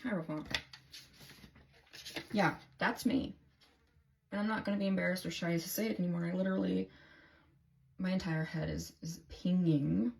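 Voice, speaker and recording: Woman, low register, candid rambling tarot-reading diarist; salty, self-talking delivery. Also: fairly even intonation, moderate pace, gravelly, pauses often. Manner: candid, rambling, swears freely, self-talk. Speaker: tarot reader. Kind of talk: casual tarot reading video diary.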